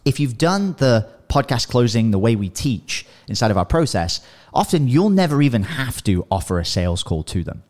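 A man hosting a podcast, giving casual coaching advice in an animated way and often checking in with "right?" and "you know". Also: mid-range voice, moderate pace. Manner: animated, acts out sample dialogues, frequent "you know" and "right?". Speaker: podcast host and business coach.

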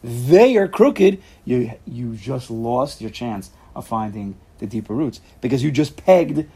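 A man leads a casual Torah class, animated and acting out quotations, his voice jumping suddenly to loud bursts. His pitch is medium, his delivery unhurried, and there's a breathy edge to his sound.

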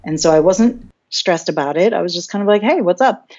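A woman's voice: lowish voice, a little fast, darkish tone, dull audio. A woman guest telling a candid personal story, open and reflective, often restarting her sentences. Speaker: podcast guest.

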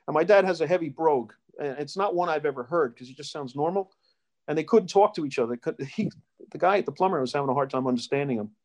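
A man's voice: fairly high pitch, darkish tone. A middle-aged man being interviewed, telling life stories in a rambling way with many restarts. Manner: rambling, with restarts and storytelling asides. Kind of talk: casual life-story interview.

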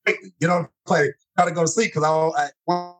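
Animated storytelling man, lively pitch. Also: moderate pace, soft background music, low-quality recording. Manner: lively, acts out scenes with sudden high-pitched exclamations. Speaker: guest telling personal stories.

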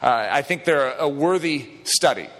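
A middle-aged male pastor preaching a lively, joking sermon in a church that turns to emphatic declarations. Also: fairly high pitch, moderate pace. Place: church sanctuary. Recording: long hall reverb.

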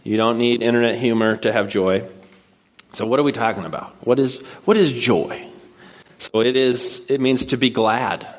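A man preaching a sermon from a stage, telling a neighborhood story in a relaxed conversational way and then posing rhetorical questions. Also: mid-range voice, moderate pace. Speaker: pastor. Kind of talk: sermon with personal anecdote.

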